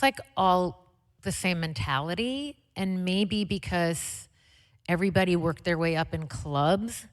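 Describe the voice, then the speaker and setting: A woman guest telling stories in a chatty, excitable way with lots of fillers, speaking onstage at a live conversation event. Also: on the low side. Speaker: interview guest, singer. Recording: long hall reverb.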